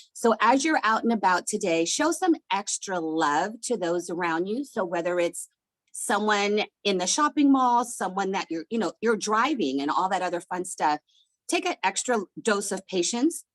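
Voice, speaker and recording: A woman's voice: mid-range voice, low-quality recording. A woman on a team video call giving an earnest, encouraging holiday message with a note of faith. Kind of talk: heartfelt holiday address.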